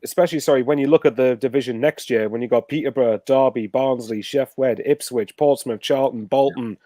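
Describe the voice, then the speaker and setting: A man's voice: medium pitch, fairly even intonation, a little fast, mellow, no room sound. A man co-hosting a casual football fan chat, talking chattily and with enthusiasm. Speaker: fan channel co-host.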